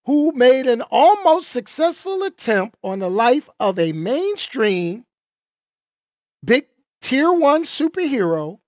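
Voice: sits high, very animated, takes it slowly, a little mellow, no echo, studio quality. A movie reviewer talking casually and emphatically, tossing out rhetorical questions and repeating points for effect.

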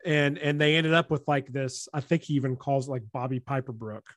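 A man's voice: mid-range voice, steady tone, fairly quick, fairly bright tone, no echo. A man hosting a casual conversation about writing, chatty and rambling, full of "you know" and "like".

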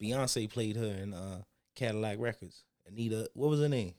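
A young man co-hosting a podcast, telling stories in a loud, animated, cursing way. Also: lowish voice, moderate pace. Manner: animated storytelling, swears a lot, gets loud when riled. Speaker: podcast co-host. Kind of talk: casual chat.

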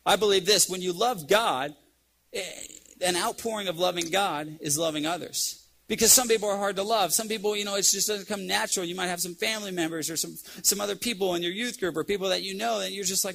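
A man's voice: high voice, fast talker, gravelly, a bit bright, a little hiss or hum. A man giving a storytelling sermon to a youth group, often restarting his sentences. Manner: storytelling, acts out quoted voices, restarts. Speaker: youth speaker.

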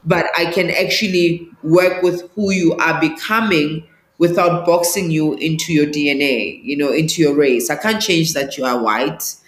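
An animated woman teaching as an interview guest, acting out the voices of the people she quotes. The room gives her voice a noticeable echo. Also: low-pitched, normal speed. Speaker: sangoma and spiritual teacher. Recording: roomy echo.

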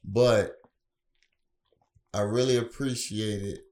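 A man's voice: fairly low pitch, steady tone, slow pace, a little mellow. A laid-back man in casual chat with a friend, slangy and dry.

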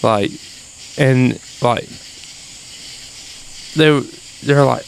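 A man with a thick Louisiana accent, telling a story in casual, animated chat and swearing now and then. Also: mid-range voice, takes it slowly, vocal fry, a little hiss or hum, rough recording. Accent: Louisiana Southern.

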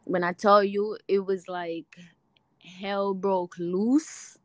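A young woman tells her story with a Jamaican lilt, switching between her own voice and the voices of people in her tale. Her delivery is lively and expressive, with easy laughter. The sound is dry and close, with little room echo. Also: medium pitch, extremely slow. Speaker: guest sharing a testimony. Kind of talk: animated faith storytelling.

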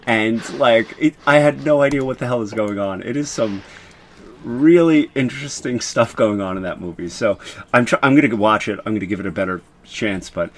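A man, a podcast co-host, chatting casually in an animated, laughing, rambling way. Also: mid-range voice, brisk. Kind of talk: casual chat.

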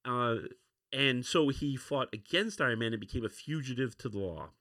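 A man in a casual podcast chat, rambling and restarting his sentences often. His voice sits at an ordinary middle pitch and is recorded close and dry, with no room sound. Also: animated, normal speed, bright, forceful tone, no echo. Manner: rambling, many restarts and fillers. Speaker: podcast host. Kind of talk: casual comic book review.

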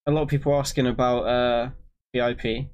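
A man's voice: medium pitch, flat delivery, fairly quick, darkish tone, muffled recording. A man chatting casually as a stream co-host, reading out questions from chat.

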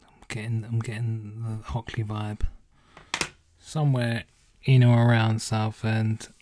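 Laid-back sweary man, low voice. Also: monotone, measured pace, warm tone, slight background noise. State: yawning, tired. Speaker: podcast host. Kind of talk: casual solo podcast chat.

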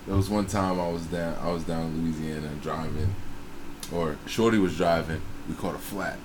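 Profane, animated man telling a story. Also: deep voice, normal speed, background noise. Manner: profane, animated retelling with acted-out quotes. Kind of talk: casual storytelling chat.

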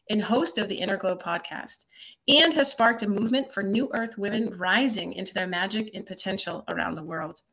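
A woman's voice: medium pitch, sharp tone. A woman hosting a podcast, introducing her guest with effusive, gushing praise. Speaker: podcast host.

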